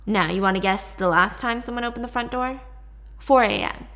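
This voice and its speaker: A woman's voice: on the high side, moderate pace, fairly bright tone. A woman voicing a sly police detective who asks probing, knowing questions.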